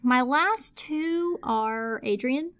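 A woman's voice: high-pitched, animated, drawn-out words, fairly bright tone, smooth. A woman co-hosting a podcast, chatting playfully and emphatically about a book. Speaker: podcast co-host. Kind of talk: casual book chat.

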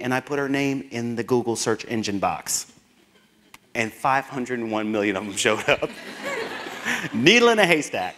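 Brief: male keynote speaker, mid-pitched, animated storytelling with frequent laughs. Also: normal speed, long pauses. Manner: animated, acts out dialogue, laughs often. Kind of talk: personal storytelling speech.

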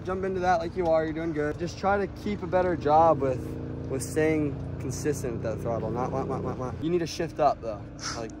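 A man's voice: high voice, noisy background. A man coaching riders at an outdoor sandy dirt-bike track, direct and encouraging, sometimes imitating throttle sounds. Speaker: motocross coach.

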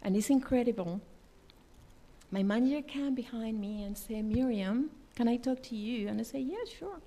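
High-voiced woman giving an earnest sermon. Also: normal speed, mellow. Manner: earnest, emphatic, non-native English phrasing. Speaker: lay preacher. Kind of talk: personal testimony sermon. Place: church.

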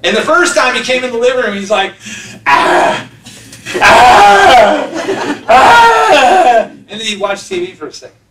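In a church sanctuary, a pastor in his fifties preaches a sermon, telling stories, acting out voices, and laughing along. His voice sits high and moves very fast over a loud crowd, and the audio is very noisy, captured from a distance in an echoey hall.

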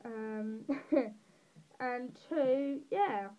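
A woman's voice: a little high, drawn-out words, lo-fi sound, a little hiss or hum. A teenage girl with a southeast English accent, rambling through a colouring tutorial with self-deprecating, giggly asides. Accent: English, southeast England. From England. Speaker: drawing tutorial creator. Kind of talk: casual voice-over while colouring.

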